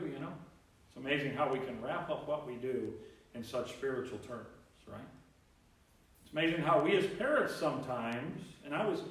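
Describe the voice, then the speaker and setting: A man preaching a sermon as pastor, animated, acting out voices from the Bible story. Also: mid-range voice, normal speed. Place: church sanctuary. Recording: very echoey church, mic at distance.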